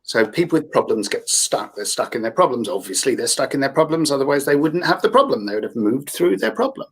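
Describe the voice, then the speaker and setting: A therapist with a London accent, appearing as a guest, talks through ideas in a casual group discussion, rambling and emphatic. His mid-range voice is sing-song, fast, and slightly rough.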